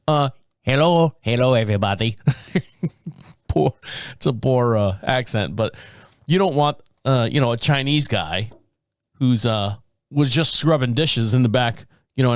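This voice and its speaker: A man's voice: medium pitch, dry recording, studio quality. Rambling, chuckling man in his fifties. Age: 50s. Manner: rambling and self-amused, chuckling through frequent restarts. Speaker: podcast host. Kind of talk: casual solo chat.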